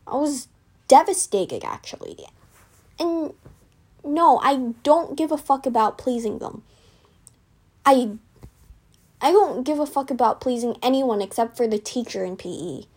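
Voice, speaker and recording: Slow-talking teenage girl venting. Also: high-pitched, lively intonation, a little mellow, breathy edge. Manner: chatty, self-deprecating, rambling with fillers; indignant, venting. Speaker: vlogger. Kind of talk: casual storytime vlog.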